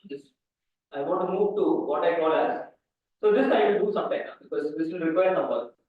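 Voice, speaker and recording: A high-pitched man lectures on mathematics, wandering through anecdotes and restarting his sentences. He sounds distant from the microphone, with heavy echo in a large hall. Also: fairly quick. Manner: rambling, restarts sentences, asides to students. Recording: echoey hall, far mic, phone-like band.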